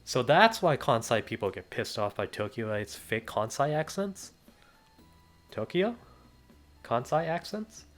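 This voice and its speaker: A man's voice: mid-range voice, big pitch swings, measured pace, fairly bright tone, pitched above the performer's own voice. A man voicing a flustered young man who talks in a clumsy put-on dialect, in a whiny, overdone, strained way. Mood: puzzled.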